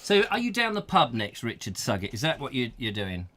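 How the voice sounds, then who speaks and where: A man's voice: medium pitch, wildly swooping pitch, a little fast, fairly bright tone. A man hosting a comic chat show, rambling and jokey, trying out silly impressions. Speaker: host.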